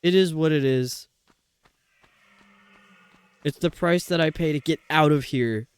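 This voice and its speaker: A man's voice: fairly high pitch, a little slow, smooth, no room sound. A man streaming a video game live, talking to himself and his viewers in a grumbling, exasperated way. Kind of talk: live gameplay commentary.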